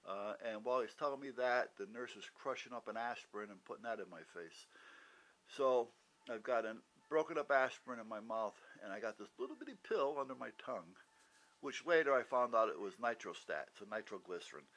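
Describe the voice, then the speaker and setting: A man's voice: on the low side, normal speed, a bit bright, low-quality recording. Blunt man telling his own story. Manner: blunt, swears freely, acts out quoted dialogue. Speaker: vlogger recounting his heart attack. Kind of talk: casual personal storytelling.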